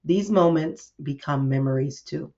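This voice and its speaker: A woman's voice: deep voice, a little slow, muffled recording. A woman hosting a diary-style podcast, telling a personal story candidly and acting out what she and others said. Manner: candid, expressive storytelling with acted-out quotes. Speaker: podcast host.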